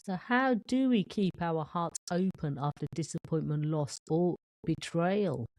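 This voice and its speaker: Slow, low-voiced woman host. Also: a little mellow, poor audio. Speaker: podcast host. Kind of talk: interview questions and backchannel.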